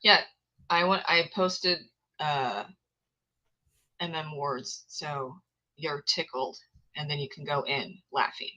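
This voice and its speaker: A woman's voice: deep voice, steady tone, slow, long pauses, bright, forceful tone, dull audio. A woman hosting a casual video call, playful and teasing, laughing often. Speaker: host. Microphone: headphones on a video call.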